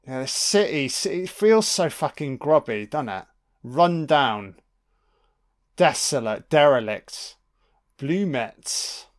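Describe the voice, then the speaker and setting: Man, casual film commentary, unhurried delivery, clear resonant voice, swears a lot. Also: medium pitch, expressive. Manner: sweary, mocking asides to the screen.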